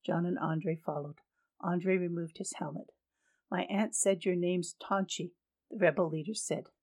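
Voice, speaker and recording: A woman reads a long story aloud in a low, husky voice. She keeps the characters close to her own plain voice, only lightly shifting between them. The delivery is steady, scripted narration. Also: unhurried. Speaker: audiobook reader.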